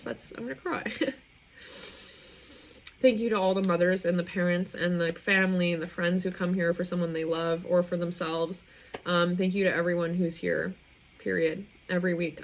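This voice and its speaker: A woman's voice: lowish voice, gravelly, rough recording. A young woman hosting a live stream, talking in an effusive, rambling, heartfelt way. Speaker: livestream host. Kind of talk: emotional live stream sign-off.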